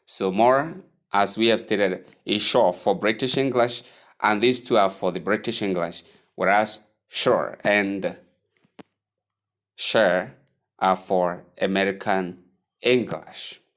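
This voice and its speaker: Male pronunciation tutor, low-pitched and unhurried, drills each word by repetition. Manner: repeats words slowly, drills each one. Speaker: English pronunciation teacher. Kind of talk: pronunciation lesson.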